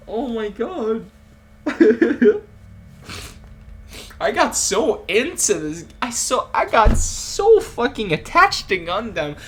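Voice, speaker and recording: A woman's voice: a little high, sing-song, extremely slow, pauses often, a little hiss or hum. A young woman streaming a story game, reacting emotionally with lots of swearing and laughter. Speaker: let's play streamer. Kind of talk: casual gameplay commentary.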